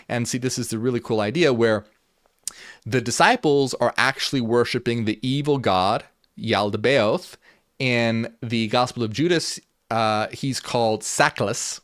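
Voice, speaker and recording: A man's voice: medium pitch, fairly even intonation, measured pace, fairly bright tone, no room sound, clean studio sound. A man hosting a talk, reading ancient passages aloud and explaining them in an earnest way that repeats itself and restarts. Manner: switches between reading passages aloud and casual paraphrase. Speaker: channel host.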